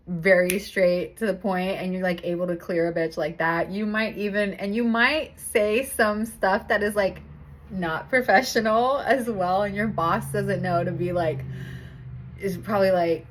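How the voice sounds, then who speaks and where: Young woman, tarot reader, chatty and laughing a lot, loose casual talk, mid pitch. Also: slight background noise. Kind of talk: casual tarot reading to camera.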